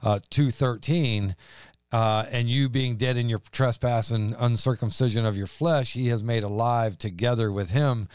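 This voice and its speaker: A man's voice: mid-range voice, steady tone, normal speed, a little mellow, clean tone, dry recording, clean studio sound. A man, a pastor co-hosting a podcast, talking earnestly and quoting scripture at length. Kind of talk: casual religious podcast chat.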